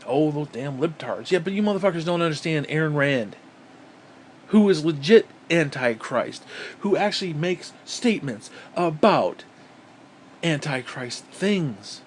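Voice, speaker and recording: A man's voice: on the high side, lively intonation, measured pace, slight background noise. A man from upstate New York delivering an angry, profane, sarcastic political rant on his vlog. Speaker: vlogger.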